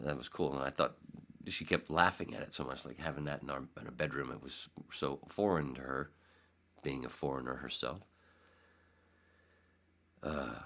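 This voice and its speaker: A man's voice: a bass voice, a bit bright. A man in his fifties hosting a podcast, telling a long rambling story with restarts and acted-out quotes. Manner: rambling, self-correcting, acts out quotes. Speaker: podcast host. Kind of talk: casual storytelling.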